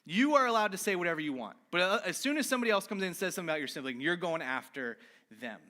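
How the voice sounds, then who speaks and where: A male pastor preaches in an easygoing, conversational way, tossing in "right?" between points and openly owning his own weaknesses. His voice sits a little high for a man and has a bright, forward edge. The delivery is lively and informal rather than formal. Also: very fast. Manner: animated and informal, with frequent "right?" asides; candid and self-deprecating about his own failings. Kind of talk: conversational sermon.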